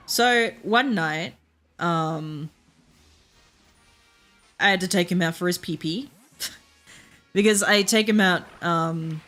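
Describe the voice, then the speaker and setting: An Australian woman chats while she streams a game, with a bright, clear edge to her voice. She talks in a loose, chatty way, swears often and laughs through her own stories. Soft game music plays quietly behind her. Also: lowish voice. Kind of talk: casual chat while gaming.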